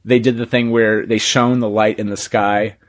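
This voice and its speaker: Animated man telling stories on a podcast. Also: fairly low pitch, moderate pace. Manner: animated storyteller, acts out quoted voices. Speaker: podcast host. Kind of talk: casual chat.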